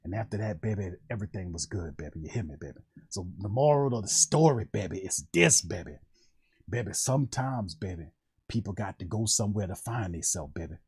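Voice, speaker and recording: A man voicing an old-school reverend, who drawls slowly and low and calls everyone baby. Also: expressive, darkish tone, slightly rough, exaggerated voice. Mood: preachy. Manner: slow, low preaching drawl repeating "baby".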